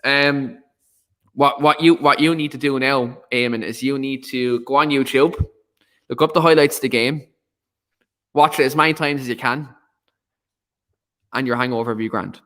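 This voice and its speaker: A man's voice: medium pitch, steady tone, normal speed, long pauses, a bit bright. A man hosting a casual football chat, reading out viewer comments between filler words. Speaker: host.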